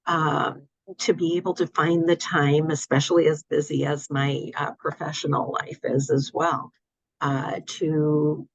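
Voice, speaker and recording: An older woman talking in a relaxed interview, hesitant with many fillers and restarts, over a dull audio line. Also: sits low, unhurried, creaky, husky, dry recording. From United States. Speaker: guest. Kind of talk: casual interview.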